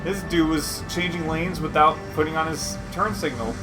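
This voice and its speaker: A man's voice: on the high side, steady tone, normal speed, over music, rough recording. A man co-streaming a video game, talking in a dry, teasing way. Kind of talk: casual gaming commentary.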